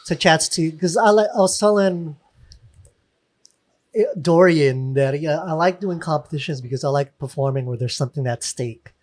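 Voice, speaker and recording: A man with a slightly high voice hosts a casual podcast chat, easygoing and conversational. He drops short replies while the other speaker talks. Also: moderate pace, darkish tone. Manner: laid-back interviewer, short backchannels. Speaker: podcast host.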